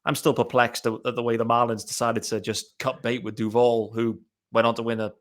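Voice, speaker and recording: A man's voice: medium pitch, level tone, fairly quick. Friendly British podcast host man. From Britain. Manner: friendly, chummy wrap-up talk. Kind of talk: casual chat.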